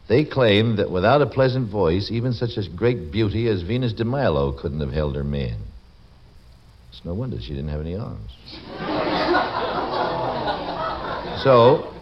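A man hosting a radio show, joking and teasing between sponsor plugs and letters he reads aloud. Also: low voice. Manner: wry, teasing, quips after reading aloud. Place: radio studio. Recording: dull lo-fi old radio broadcast with faint hiss.

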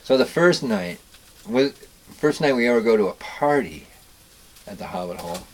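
A man's voice: on the low side, lively intonation, normal speed, a little hiss or hum, poor audio. A man casually telling a story about a boat party, rambling with restarts and asides. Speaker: storyteller guest.

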